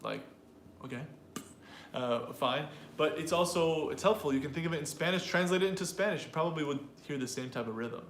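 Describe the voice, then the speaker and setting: A man's voice: a little high, brisk, a bit bright, echoey room, a little hiss or hum. A man teaching an English pronunciation lesson to a live audience, explaining and drilling sentences aloud in an upbeat way.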